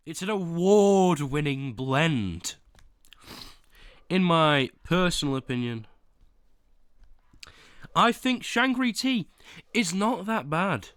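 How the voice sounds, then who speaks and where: A young man on a livestream chats with his viewers in an unhurried, stretched-out way. His fairly high voice bounces up and down as he rants in mock indignation and then stumbles through apologies. The sound is dry and close to a desk mic. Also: a bit bright, no echo. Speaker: livestreamer ranking teas. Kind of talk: casual livestream chat.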